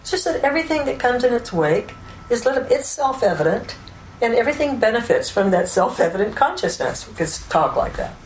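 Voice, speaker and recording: A woman giving an unscripted spiritual teaching, explaining ideas calmly and often checking in with "right?" and "you know". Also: fairly high pitch, a little fast. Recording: roomy echo with faint background noise.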